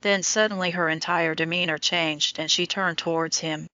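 Woman narrator, audiobook, steady reading, lowish voice, dull dry lo-fi audio. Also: normal speed, dry recording. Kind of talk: scripted narration.

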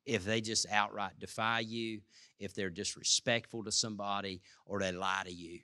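Bright-voiced pastor, casual and rambling. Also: male voice, fairly low pitch, steady tone, normal speed, no room sound, studio quality. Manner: casual, storytelling with many restarts. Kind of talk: conversational sermon.

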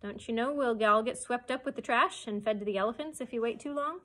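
A woman reading aloud and voicing a gruff grown-man circus usher who teases in a raised, higher voice. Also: fast, fairly bright tone, natural voice. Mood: teasing.

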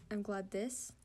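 A woman's voice: medium pitch, background noise. A tired woman giving casual commentary on comic dubs, laughing often, swearing and tripping over her words. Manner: giggly, swears freely, stumbles over words. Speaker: comic dubber.

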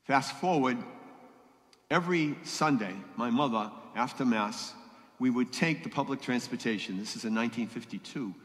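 A man's voice: medium pitch, normal speed. A man, a priest giving a homily at Mass in a conversational way, often asking the congregation questions. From Boston area. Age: 70s. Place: church. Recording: long church reverb.

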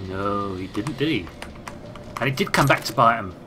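A man's voice: on the low side, expressive, moderate pace, bright, forceful tone, a little hiss or hum. A British man giving casual let's-play commentary, chatting and thinking aloud as he plays and reading game text aloud. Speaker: gaming channel host.

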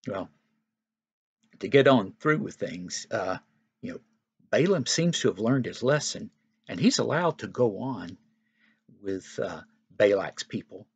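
A man's voice: on the low side, expressive, unhurried, pauses often, husky. A man teaching Sunday school, telling a Bible story to young children in a casual, conversational way. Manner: casual and conversational, often begins with "well".

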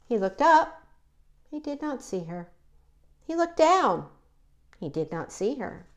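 Slow, animated woman reading a storybook. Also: on the high side, highs cut off. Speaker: children's story reader. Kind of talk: read-aloud storytelling.

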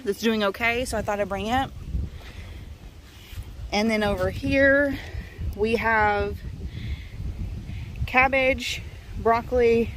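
A woman's voice: fairly high pitch, fairly bright tone. A woman giving a casual garden-tour vlog outdoors, chatty and enthusiastic as she lists her plants. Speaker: gardening vlogger. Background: faint wind and outdoor noise.

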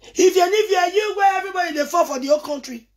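A high-pitched woman with a Nigerian accent rambles through a video message. She talks in a teasing, excitable way and slides between pidgin and English. Her voice sits well above the usual range for a woman. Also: racing.

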